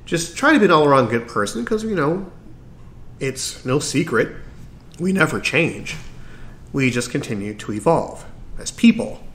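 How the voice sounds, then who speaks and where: A man's voice: a little high, very animated, normal speed, long pauses, fairly bright tone. A man hosting his own podcast, talking earnestly and encouragingly, sometimes tripping over his words. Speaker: podcast host. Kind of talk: solo podcast talk.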